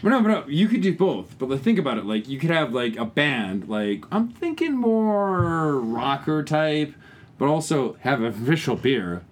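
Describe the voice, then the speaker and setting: Man, husky voice, lively pitch, joking and argumentative, tripping over words. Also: brisk, few pauses. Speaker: podcast co-host or guest. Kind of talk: casual drinking podcast banter. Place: his own home, indoors.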